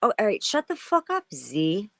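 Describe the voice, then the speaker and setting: A woman's voice: mid-range voice, wildly swooping pitch, moderate pace, creaky, no room sound, clean studio sound. A woman chatting as a guest on a talk show, blunt and swearing freely. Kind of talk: casual chat.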